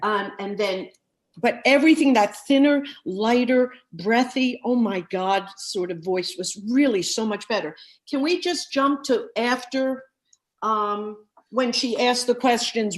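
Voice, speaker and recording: Effusive woman voice coach, higher voice. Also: unhurried. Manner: effusive, sings snippets of the lyrics while explaining. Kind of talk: masterclass feedback.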